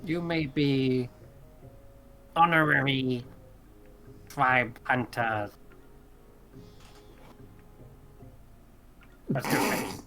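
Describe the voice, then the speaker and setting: A man voicing a gruff male tribal creature chief who talks in broken, halting phrases, in a tabletop game. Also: mid-range voice, pushed and bright. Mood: sly.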